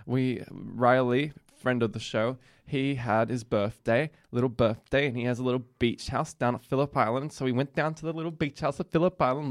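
A man's voice: mid-range voice, fairly even intonation, fairly quick, few pauses. Rambling young man hosting. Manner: rambling, laughs often, trails off mid-story. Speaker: podcast host. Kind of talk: casual chat.

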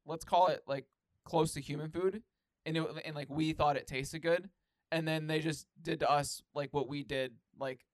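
A man's voice: fairly high pitch, steady tone, normal speed, dry recording. A young man co-hosting a podcast in casual chat, rambling with many fillers. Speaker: podcast co-host.

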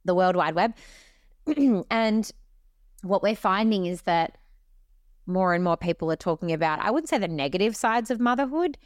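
A young Australian woman tells everyday stories on a podcast, swearing casually as she goes. Her pitch swings up and down a lot, and the recording is close and dry. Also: normal speed, long pauses, dry recording. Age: young adult. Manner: lively storyteller, swears casually. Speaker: podcast co-host.

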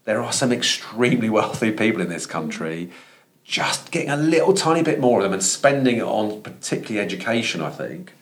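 A man with a low voice and a Thames Estuary accent talks as a guest in a podcast conversation. He is earnest and works his thoughts out aloud, often restarting sentences. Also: very animated, fairly quick. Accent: Thames Estuary English. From London. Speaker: professor, guest.

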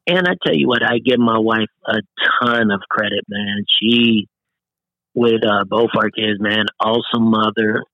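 A man's voice: on the low side, a little slow, no echo, muffled recording. A middle-aged man as an interview guest, talking earnestly in a casual way and often saying "man". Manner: earnest, peppers speech with "man".

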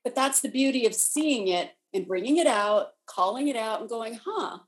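A woman co-hosting a casual spiritual chat, telling stories and explaining ideas in a steady conversational way. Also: on the high side, normal speed, low-quality recording. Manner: storytelling, acts out voices in anecdotes. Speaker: co-host.

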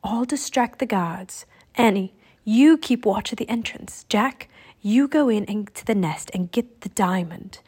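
Woman voicing a boy magician as a raven, hushed, calm, steady leader, storybook. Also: medium pitch, unhurried, breathy edge.

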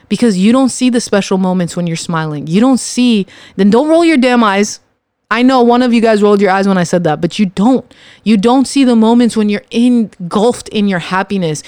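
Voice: mid-range voice, darkish tone, dry recording. A podcast host giving a casual motivational monologue, speaking straight to the listeners and repeating phrases for punch. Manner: addresses listeners directly.

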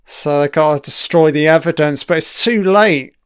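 A man drawls through a casual film commentary, his pitch a touch high and his voice smooth and clear. He swears constantly and enthuses over scenes, trailing off into asides. The sound is close and dry. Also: normal speed, dry recording. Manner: profane, enthusiastic, frequent swearing.

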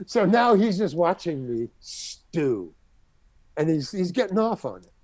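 A man's voice: sits high, takes it slowly, no room sound. An older man, a guest actor, telling a long anecdote and acting out the other people's lines. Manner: animated, acts out other people's lines in the story. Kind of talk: anecdotal storytelling.

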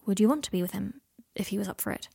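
Harry Potter, a woman doing an earnest halting young man. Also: mid-range voice, creaky, warm tone, slightly rough. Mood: hesitant. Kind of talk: audiobook character voice.

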